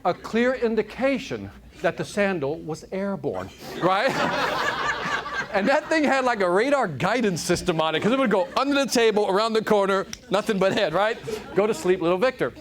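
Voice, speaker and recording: Man, motivational speaker, high and animated, comic storyteller to a live crowd. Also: normal speed. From Chicago, United States. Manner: energetic, joking, keeps asking "right?". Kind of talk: live keynote talk to an audience. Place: conference room with audience.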